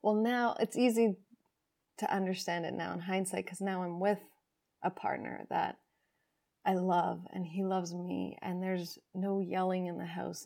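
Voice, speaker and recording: A woman's voice: lowish voice, creaky, a little mellow. A young adult woman, a podcast guest, candidly telling a personal story and acting out her inner voices with emotion.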